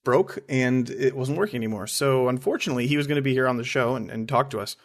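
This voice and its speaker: A man's voice: medium pitch, fast talker. A man co-hosting a podcast, chatting casually and often repeating words as he talks. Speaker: podcast co-host.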